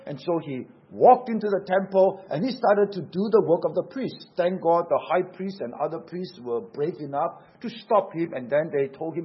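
A man delivers a sermon with earnest emphasis, leaning on repeated words to drive points home. His voice sits somewhat high for a man, and the recording sounds dull and lo-fi. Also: lively intonation, normal speed, hardly any pauses. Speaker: pastor.

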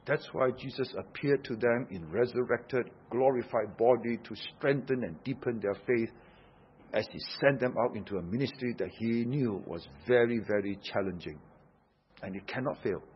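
A male preacher delivers his sermon with a husky edge to his voice. He is emphatic, dropping into hushed tones and then pressing hard on key phrases. The recording sounds dull and lo-fi. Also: mid-range voice, moderate pace. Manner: emphatic, swings from hushed to loud.

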